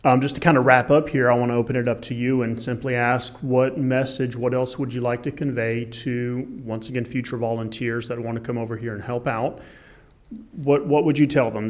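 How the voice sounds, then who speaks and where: A man hosting an interview, asking questions in a friendly, encouraging way. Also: mid-range voice. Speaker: interviewer, host.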